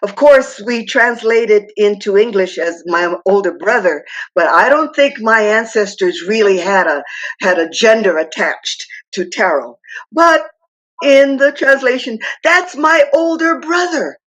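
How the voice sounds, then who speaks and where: Slow, dramatic woman storyteller from Hawaii. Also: medium pitch, expressive, fairly bright tone, poor audio. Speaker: guest speaker. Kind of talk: telling a traditional myth.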